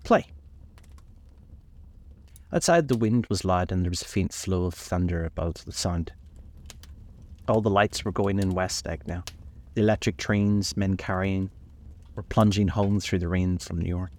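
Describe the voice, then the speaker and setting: Deep-voiced man reading a novel aloud. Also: darkish tone. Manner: measured, reflective, slows on key passages. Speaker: narrator. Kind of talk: audiobook reading of a classic novel.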